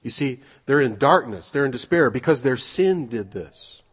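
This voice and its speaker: A man's voice: mid-range voice, expressive, moderate pace, breathy edge. A man preaching an earnest sermon, reading scripture and asking rhetorical questions.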